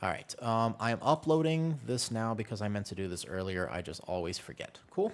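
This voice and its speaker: A young man streaming a video game, joking and chatting with his viewers in a casual, animated way. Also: lowish voice, a little fast, hardly any pauses, slight background noise. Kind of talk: casual gaming stream chat.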